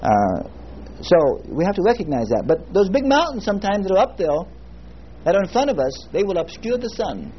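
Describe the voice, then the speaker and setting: A male pastor preaching a sermon in a folksy storytelling way, slowing down to stress scripture word by word. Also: high-pitched, very animated. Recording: muffled lo-fi recording with faint hiss.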